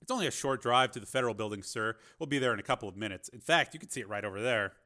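A man's voice: medium pitch, animated, rapid-fire, bright, forceful tone. A man voicing a courteous male Marine sergeant who speaks formally and deferentially in an audiobook. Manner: formal, deferential, says sir often.

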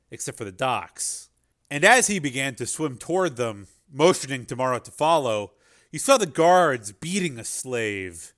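A man's voice: medium pitch, a bit bright. A man narrating a chapter of an adventure novel as an audiobook reader. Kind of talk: scripted narration.

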